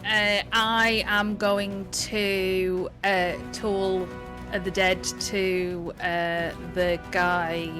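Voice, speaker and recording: A woman with a lowish, flat voice plays a tabletop game, picking her words slowly with many hesitant pauses. Clear music plays behind her. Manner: hesitant, halting, full of pauses. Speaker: player.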